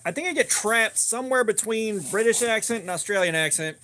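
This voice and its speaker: Bright, high-voiced man chatting. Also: lively intonation. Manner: joking, rambling, quick asides. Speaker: livestream host. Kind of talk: casual live chat reading comments.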